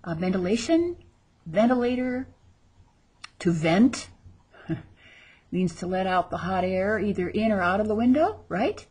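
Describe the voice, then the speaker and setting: Very husky-voiced woman teaching slowly. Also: medium pitch, lively intonation, a little mellow. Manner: drills words slowly, repeating each with exaggerated pronunciation; chatty asides between drills. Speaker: Spanish teacher. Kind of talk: recorded vocabulary lesson.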